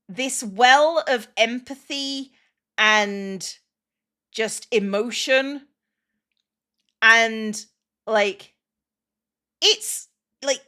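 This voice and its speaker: A woman streams and chats in a casual, emotional way, full of restarts and "like" fillers. Her voice sits a little high and sounds bright and forceful. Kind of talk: casual chat on a livestream.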